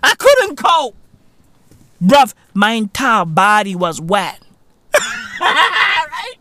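A man's voice: high voice, huge pitch swings, slow pace, a crowd in the background. A man from South Africa hosting a podcast, in a profane, slangy comedic rant that keeps calling the listener "bruv". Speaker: podcast host.

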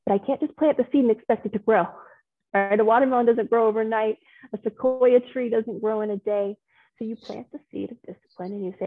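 A woman's voice: medium pitch, fairly even intonation, fast talker, no echo. A woman working as a transformational coach, talking a group through their feelings over a video call in an affirming, encouraging way and calling people pet names. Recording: phone-like video call audio.

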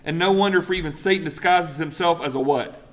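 Animated preacher, a man. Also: fairly quick. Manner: animated, acts out scripture dialogues with big swings in pitch and volume. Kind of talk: sermon.

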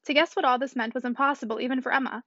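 A woman reads a classic novel aloud at a brisk clip. Her voice sits high and she moves quickly through the text. The recording is dull and dry, with no room sound. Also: fairly even intonation, sharp tone, no echo. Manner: brisk, fluent reading. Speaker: audiobook reader.

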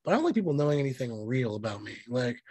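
Podcast co-host, male, quick and breathy, swears a lot, dry close sound. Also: medium pitch, big pitch swings, mellow, no echo. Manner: blunt, profane, rambling storyteller. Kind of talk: casual chat.

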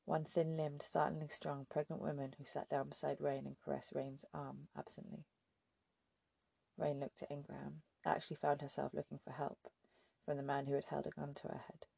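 A woman narrating an audiobook in a steady, measured way. Her voice is gravelly and husky, dark in tone, with a flat, even line. The sound is dry and close. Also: low-pitched, dry recording. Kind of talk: scripted narration.

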